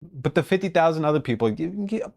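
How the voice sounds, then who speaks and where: A woman's voice: deep voice, lively intonation, fast, creaky, darkish tone. A woman streamer giving casual, sarcastic commentary while she reacts to a clip, swearing freely.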